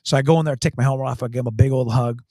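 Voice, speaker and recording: A man's voice: mid-range voice, steady tone, rapid-fire, mellow, no room sound, clean studio sound. A man, a county sheriff, telling a story in an interview, emphatic and earnest, repeating key phrases. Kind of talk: storytelling in a talk show interview.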